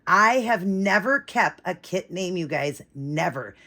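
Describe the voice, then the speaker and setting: A woman vlogging an unboxing, gushing and breathless, shaky with excitement, repeating herself as she talks to viewers. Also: fairly low pitch, a little slow. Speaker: vlogger unboxing a reborn doll.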